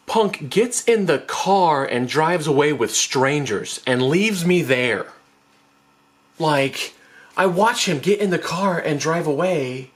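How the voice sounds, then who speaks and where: A young man telling a story in a casual vlog, rambling and self-mocking, full of fillers and restarts, jumping into high panicky bursts when he acts out his past self. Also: lively intonation, unhurried.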